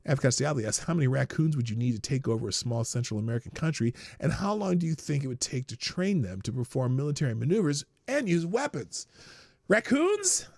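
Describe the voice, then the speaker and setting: A man's voice: expressive, fast, vocal fry, hardly any pauses, no room sound, clean studio sound. A man hosting a live stream, reading viewer questions and answering them in a blunt, profane, joking way, often laughing at himself. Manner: profane, blunt, laughs at his own jokes, swings from low mutter to loud outbursts. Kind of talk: casual unscripted chat.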